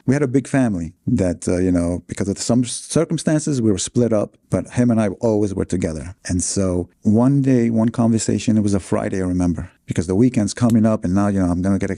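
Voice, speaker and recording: Earnest low-voiced New man. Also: vocal fry, dark tone, no room sound. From New York City, USA. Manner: earnest, with many fillers and restarts. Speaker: interview guest. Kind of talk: personal story in an interview.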